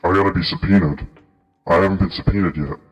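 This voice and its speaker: A man's voice: deep voice, steady tone, quick pace, muffled recording, faint music behind. A man hosting an improvised comedy stream as a mock judge, goofy and rambling.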